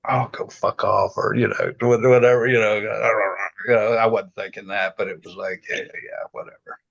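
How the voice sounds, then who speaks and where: A man in a reflective casual chat, speaking haltingly and restarting often as he searches for words. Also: fairly low pitch, a bit bright, muffled recording. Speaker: self-inquiry group member. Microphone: video call.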